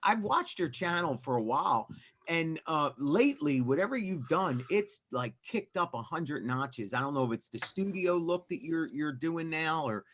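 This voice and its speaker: A man's voice: fairly high pitch, lively intonation, normal speed, fairly bright tone. A man chatting casually on a live stream panel, rambling and enthusiastic with many restarts. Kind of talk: casual chat.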